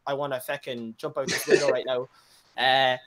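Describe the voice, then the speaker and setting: A man's voice: medium pitch, level tone, normal speed, a bit bright, slight background noise. A young Irish man, a guest streamer, chatting casually on a podcast and telling stories full of slang and acted-out quotes. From Ireland.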